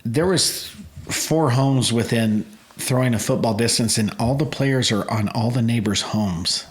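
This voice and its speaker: Casting: man in his forties, guest telling animated anecdotes. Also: medium pitch, a little slow. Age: 40s. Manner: animated storyteller, acts out quoted voices. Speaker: guest, food truck owner. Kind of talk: casual storytelling interview.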